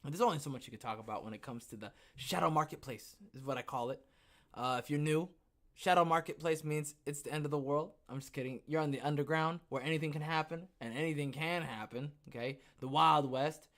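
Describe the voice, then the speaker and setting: A man's voice: a little high, brisk, fairly bright tone. A man hosting his own podcast livestream, out of breath after the gym, rambling and talking to himself between topics. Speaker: podcast host. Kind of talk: casual livestream chat.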